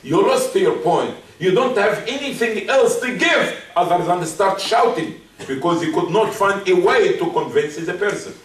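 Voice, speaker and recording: A man's voice: high-pitched, animated, normal speed, few pauses, slight background noise. A man preaching a Friday sermon, emphatic and repeating his key points. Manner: acts out soft apologetic asides. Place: mosque hall. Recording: roomy, distant mic.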